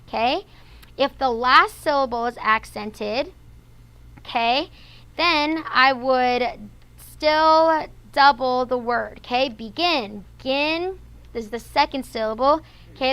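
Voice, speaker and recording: A woman teaching a classroom lesson, with a high, bright voice that stays smooth and clear. She explains step by step and adds a checking "okay?" after each point. She sounds patient and instructive. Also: low-quality recording. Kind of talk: classroom vocabulary and spelling lesson.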